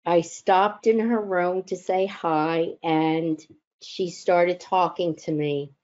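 A woman who works as a chaplain, telling personal stories in a gentle, reflective way with thoughtful pauses. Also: fairly low pitch, steady tone, highs cut off. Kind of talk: personal storytelling talk.

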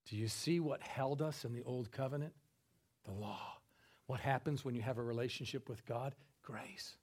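A man preaching a sermon, telling a folksy joking story, swinging between loud exclaiming and hushed soft delivery. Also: mid-range voice, steady tone, a little fast, husky. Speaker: pastor.

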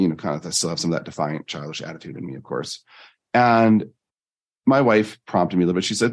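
A man, a life coach, telling personal stories in an earnest, animated interview style. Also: quick pace, slightly rough. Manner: earnest, animated storytelling with jumps in pitch. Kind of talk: conversational interview storytelling.

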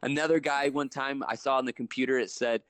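Animated young man telling ER stories. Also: fairly quick, no echo. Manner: animated, jumps high when retelling dialogue. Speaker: podcast guest, ER worker. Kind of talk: casual storytelling chat.

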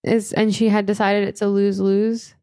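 A woman's voice: medium pitch, flat delivery, normal speed, dark tone, dry recording, studio quality. A woman co-hosting a podcast, chatting casually in an emphatic, outspoken way. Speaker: podcast co-host. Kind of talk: casual chat.

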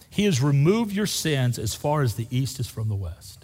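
A man's voice: medium pitch, big pitch swings, unhurried, long pauses, breathy edge. Fervent older male pastor in a reverberant hall. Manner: fervent, swings from loud to soft. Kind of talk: sermon.

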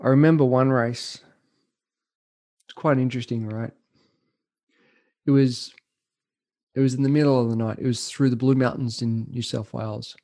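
A man telling a personal story as a podcast guest, earnest and emotional, with reflective pauses. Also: mid-range voice, fairly even intonation, dark tone. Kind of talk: storytelling interview.

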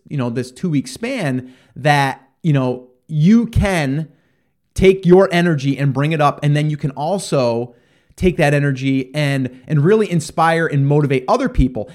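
A man's voice: fairly high pitch, a little mellow. A man giving a casual motivational talk to listeners, rambling and conversational with lots of fillers and restarts. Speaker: parent talking to listeners.

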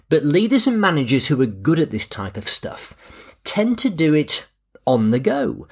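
A man with a slightly husky voice hosts a podcast in a relaxed, anecdotal way. His pitch rises and falls with a lively swing, and he pokes gentle fun at himself as he talks. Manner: relaxed, anecdotal, self-deprecating. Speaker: podcast host. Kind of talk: scripted podcast narration.

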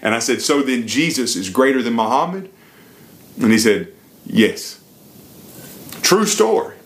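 A middle-aged man preaching, telling a personal story in a lively, emphatic sermon style. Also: medium pitch, measured pace.

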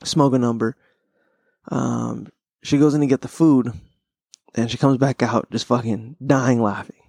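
A man's voice: medium pitch, fairly even intonation, a little slow, gravelly, a little mellow, slightly rough, no room sound, clean studio sound. A young man hosting a podcast, chatting casually in a rambling, profane way, laughing often. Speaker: podcast host. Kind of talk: casual chat.

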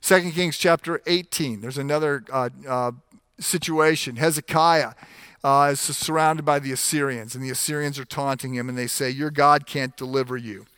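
Bright, crisp-voiced man preaching. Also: medium pitch, normal speed, dry recording, clean studio sound. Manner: animated, acts out the scripture voices; frequent restarts and fillers while explaining. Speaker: pastor. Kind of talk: sermon.

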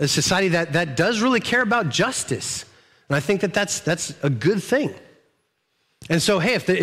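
A man's voice: high-pitched, slightly rough. A middle-aged pastor preaching in a conversational way, often restarting his phrases and telling stories with energy. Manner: conversational, repeats words and restarts, animated storytelling. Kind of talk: sermon.

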